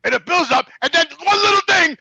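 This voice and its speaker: A man in his sixties rants in a high, gravelly voice with a piercing, bright edge. He swears at nearly every turn, loud and indignant. The sound is dry and close. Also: expressive, fast talker, no room sound, rough recording. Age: 60s. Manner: loud, angry, swearing constantly. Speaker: show regular and guest of the intervention. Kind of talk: profane ranting storytelling.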